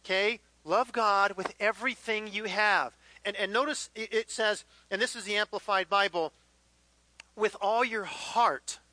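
A man's voice: high voice, a little slow, bright, forceful tone, rough recording. A man preaching a sermon to a live congregation, conversational and acting out little dialogues. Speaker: pastor. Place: church hall with live congregation.

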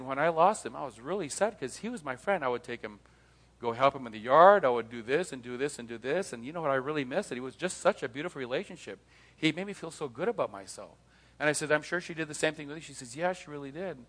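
A middle-aged man, his voice a touch higher than most, addresses an audience in a live talk. He tells stories by acting out each side of a conversation and keeps asking rhetorical questions. His voice rings with the long reverb of a meeting hall. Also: fairly bright tone. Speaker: speaker on leaving cults, former pastor.

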